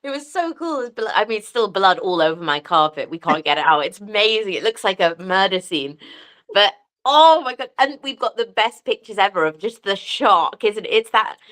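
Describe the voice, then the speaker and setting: A woman shares her story with lively excitement. She laughs often and talks in a plain, mid-height voice. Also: mid-range voice, brisk. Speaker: guest. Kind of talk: casual conversation.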